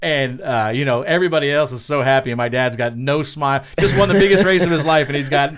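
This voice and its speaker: A man's voice: on the high side, fast. A middle-aged man from Long Island, a racing spotter, telling profane stories and acting out what people said. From Long Island, New York. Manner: profane, animated storyteller acting out quotes. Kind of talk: casual storytelling.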